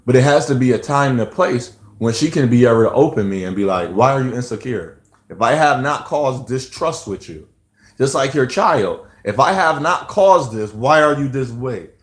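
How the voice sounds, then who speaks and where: A man speaks in a loose, preachy monologue, circling back and restarting his thoughts as he goes. His speech carries an at a middle pitch. The sound is roomy and echoey. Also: expressive, normal speed. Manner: rambling, preachy, with frequent restarts. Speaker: vlogger. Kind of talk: casual monologue on parenting. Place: outdoors near lawnmower noise.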